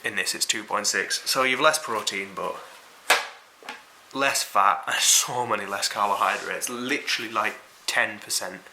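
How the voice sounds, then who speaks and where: Sweary Yorkshire man with a bright voice. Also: lowish voice, unhurried, slight background noise, rough recording. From Yorkshire, England. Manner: sweary, offhand and rambling. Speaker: vlogger reviewing food. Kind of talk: casual product review.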